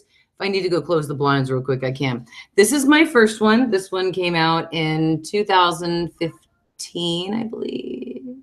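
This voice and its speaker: A middle-aged American woman hosting a casual live stream at home, an excitable author chatting about her books. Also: a little slow. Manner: chatty and excitable, breaking off to call her dog in a high coaxing voice. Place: room at home.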